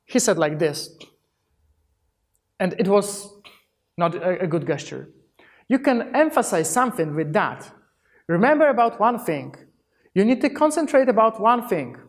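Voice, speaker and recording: A man giving a workshop talk on presentation skills, with phrasing, frequent restarts and lively acted-out examples. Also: sits high. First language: Polish. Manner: demonstrative, acts out example greetings; non-native phrasing with restarts. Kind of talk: live workshop talk on body language.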